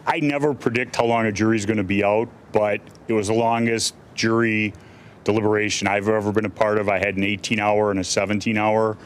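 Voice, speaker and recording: A man's voice: fairly low pitch, slight background noise. A middle-aged male defense attorney answering reporters' questions bluntly, with many restarts and fillers. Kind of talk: press conference answers.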